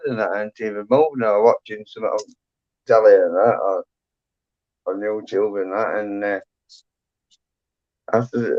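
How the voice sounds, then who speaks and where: A man's voice: lowish voice, moderate pace, pauses often. A man hosting a casual livestream chat from home, rambling and full of fillers. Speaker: livestream host. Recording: dull lo-fi sound.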